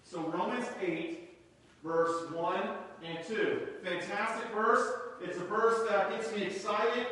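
A male pastor preaching a sermon, excitable, climbing into loud, stretched-out exclamations. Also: high-pitched, slow. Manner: excited, rising to shouts. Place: church sanctuary. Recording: echoey hall, from far off.

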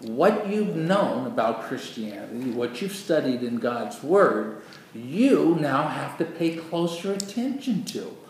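A man preaching a sermon in an earnest, animated way, acting out quoted voices, with a dry throat after surgery. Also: mid-range voice, slow. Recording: echoey room, far from the mic, noisy.

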